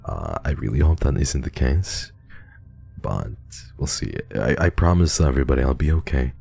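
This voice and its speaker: A man streaming, chatting casually and reading donations with a halting, stammering, heartfelt manner. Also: a bass voice, lively intonation, creaky, warm tone, husky, faint music behind.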